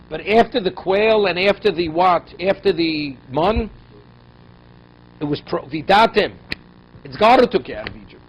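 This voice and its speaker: Here a rabbi leads a Torah class, reading verses and unpacking them in English with sharp rhetorical questions. His high-ish, animated voice moves at a moderate pace with frequent pauses, climbing and falling steeply to stress points. Faint noise runs under a dull, lo-fi recording.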